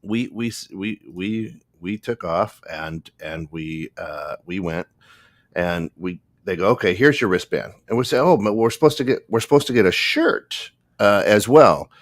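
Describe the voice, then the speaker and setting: A man's voice: sits low, measured pace, dry recording. A man co-hosting a podcast, telling a story in a casual way and acting out the other people in it. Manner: animated, acts out the other people in his story. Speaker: podcast co-host.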